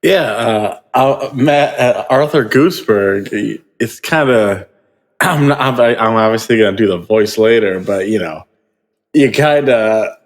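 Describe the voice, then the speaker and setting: A man's voice: on the low side, in a large hall. A man co-hosting a casual podcast who rambles and stumbles over his words, swearing now and then. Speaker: podcast co-host. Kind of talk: casual chat.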